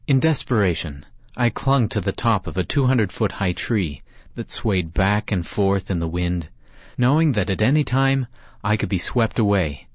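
Low-voiced male storyteller, dull recording. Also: lively intonation, normal speed, no room sound. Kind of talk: scripted story narration.

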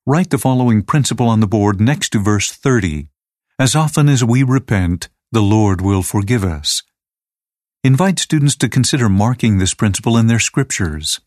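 A man reading aloud a teacher's lesson manual in a measured, even, scripted way. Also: lowish voice, dry recording, clean studio sound.

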